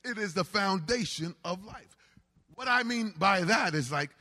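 A man preaching a sermon in a call-and-response style, building to shouts. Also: high voice, expressive, measured pace. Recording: reverberant hall.

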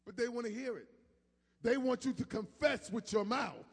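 A man with a high, husky voice preaches. He moves between low, quiet asides and shouted peaks, and his voice rings with a long reverb from a church sanctuary. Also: animated, moderate pace. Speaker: pastor. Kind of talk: sermon.

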